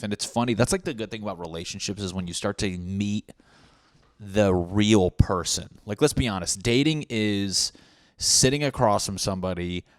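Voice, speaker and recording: A man's voice: lowish voice, dry recording, clean studio sound. A young man hosting a solo podcast from his apartment, talking in a brash, joking, profane way. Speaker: podcast host. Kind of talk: casual solo podcast monologue. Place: apartment room.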